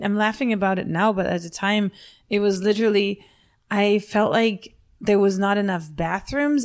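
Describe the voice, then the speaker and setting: A woman in her forties co-hosting a podcast, telling a race story in casual chat and laughing at herself. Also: mid-range voice. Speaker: podcast co-host.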